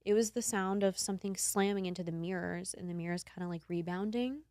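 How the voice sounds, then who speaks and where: A woman in her twenties, a podcast host, telling a story in casual chat, animated and laughing, acting out the quotes. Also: fairly low pitch, fairly quick, no room sound, clean studio sound.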